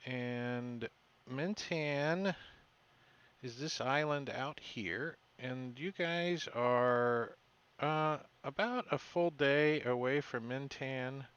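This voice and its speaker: A man running a tabletop game as game master, recapping the session in a halting way with many fillers and self-corrections. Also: medium pitch, fairly bright tone, clean tone, dull audio.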